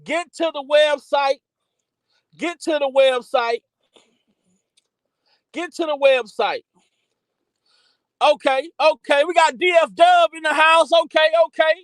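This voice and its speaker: A man hosting a livestream, hyping up his chat with loud, repetitive shout-outs. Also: very high-pitched, fairly even intonation, takes it slowly, long pauses, dry recording, low-quality recording. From Texas by way of Louisiana. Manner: hyped, repetitive, calls out to chat. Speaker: livestream host.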